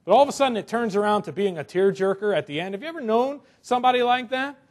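A young man with a fairly high voice delivers a sermon in a relaxed, conversational way. He jokes with the congregation and keeps the talk animated. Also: fast talker. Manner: conversational, animated, joking asides. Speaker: pastor.

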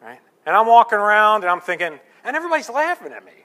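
A middle-aged male pastor preaching a sermon, animated, telling stories and asking the congregation rhetorical questions. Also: sits high, quick pace. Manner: animated storytelling with acted-out quotes and rhetorical questions.

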